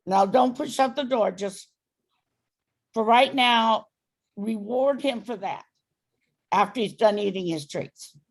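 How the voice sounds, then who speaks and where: A woman dog trainer coaches a client, walking him patiently through each step. Her voice sits a little high with a gravelly edge. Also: slow, long pauses. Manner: patient, directive instructions.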